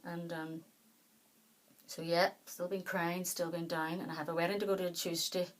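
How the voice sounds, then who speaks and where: A woman vlogging in casual chat to the camera, out of breath, her talk soft and halting, often trailing off. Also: lowish voice, level tone, rough recording. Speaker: doll collector vlogger.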